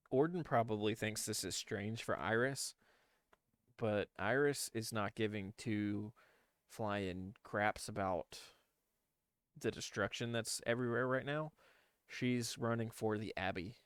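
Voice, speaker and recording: A man's voice: on the low side, slow, long pauses, clear, resonant tone, no echo, clean studio sound. A man playing a tabletop game, eagerly describing what his character does. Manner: animated, eager telling of his character's actions. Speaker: player. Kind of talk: casual tabletop play.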